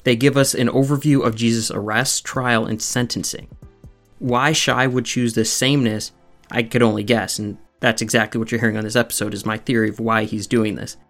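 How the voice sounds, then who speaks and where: A man at a steady middle pitch hosts his podcast and talks through his points in a scripted teaching style. He is methodical and slows down to stress each key term. Faint music runs quietly behind his voice. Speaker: podcast host.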